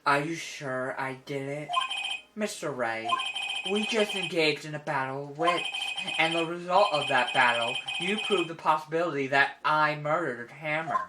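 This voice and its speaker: A woman's voice: low voice, moderate pace, very noisy, close to an everyday voice. A woman reading as a cool, unbothered female witness. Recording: game music playing behind.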